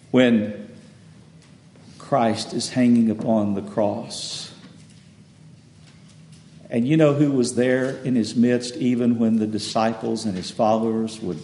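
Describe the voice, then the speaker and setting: A male pastor preaching a sermon in a church, halting and repeating words, then swelling to loud emphatic peaks. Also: lowish voice. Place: church sanctuary. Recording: echoey hall with long reverb.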